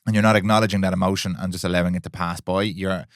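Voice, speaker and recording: A man's voice: deep voice, level tone, very fast, dry recording, studio quality. A man with an Irish accent co-hosting a casual podcast, thoughtful and reflective. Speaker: podcast co-host.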